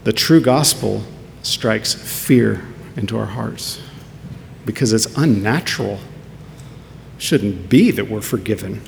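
A man's voice: slow, creaky, long pauses. A man preaching a sermon as pastor, earnest and full of rhetorical questions. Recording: long hall reverb with faint rumble.

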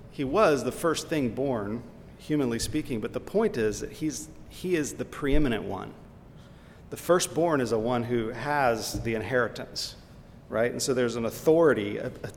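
Male pastor, sermon, emphatic, questioning, long hall reverb, faint low rumble.

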